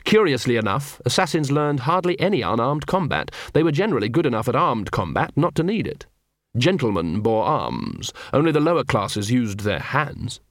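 A man narrating a story in a steady storytelling manner, lightly voicing the dialogue. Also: mid-range voice, moderate pace, dry recording, studio quality. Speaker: audiobook narrator. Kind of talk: scripted narration.

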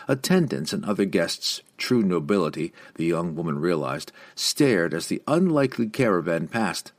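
A man reading a fantasy novel aloud as narrator, with an expressive, varied delivery. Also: lowish voice, no echo. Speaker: audiobook narrator.

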